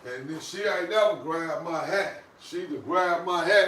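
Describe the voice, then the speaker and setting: A man, vlogging and scolding his dog in an animated, repetitive way. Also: a little high, measured pace, few pauses, heavy reverb, recorded from a distance, slight background noise, low-quality recording. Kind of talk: casual vlog talk to camera and dogs.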